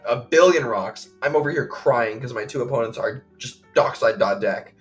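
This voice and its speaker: A man co-hosting a podcast, recounting a game play by play in casual chat, full of fillers and quick acted quotes. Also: mid-range voice, faint music behind. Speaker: podcast co-host.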